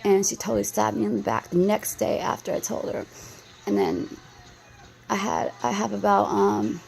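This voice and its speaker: A woman's voice: mid-range voice, creaky, a little mellow. A woman in her thirties from the United States, talking anxiously and rambling in an emotional vlog response, with many restarts. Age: 30s.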